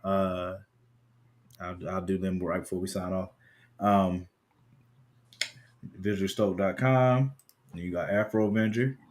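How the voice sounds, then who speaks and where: A man co-hosting a live talk stream, relaxed and easygoing, often trailing off quietly and laughing. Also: deep voice, a little slow, pauses often. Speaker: podcast co-host. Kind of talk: casual chat.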